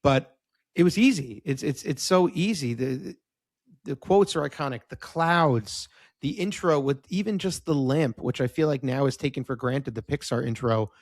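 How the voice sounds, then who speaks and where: Young male podcast co-host, mid-pitched, upbeat, close dry mic. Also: moderate pace, no room sound. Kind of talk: casual chat.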